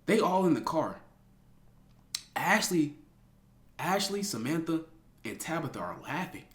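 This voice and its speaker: Young man, raised voice, slangy, laughing, loud then hushed, roomy echo. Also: on the high side, measured pace, a little hiss or hum. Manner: animated, slangy, laughs often, swings between loud and hushed. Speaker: streamer telling a story to live chat. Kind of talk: casual storytime to chat.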